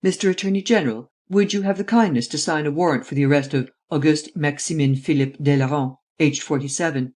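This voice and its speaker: Reader doing a calm sharp detective chief, formal, precise, unhurried, middle pitch. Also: natural voice. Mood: measured.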